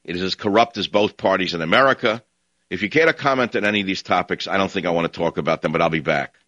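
Deep sarcastic talk radio man. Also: fast talker, a bit bright, highs cut off. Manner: sarcastic, combative ranting. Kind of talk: opinionated talk radio monologue.

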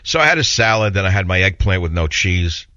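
A man's voice: low voice, expressive, a little fast, sharp tone, dry recording. A man hosting a radio talk show, telling stories in a rambling, indignant way and taking calls. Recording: dull lo-fi radio broadcast.

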